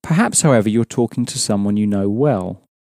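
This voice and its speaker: A man's voice: lowish voice, lively intonation, brisk, a little mellow, no room sound, clean studio sound. A man teaching a language lesson, explaining patiently and prompting his students with questions.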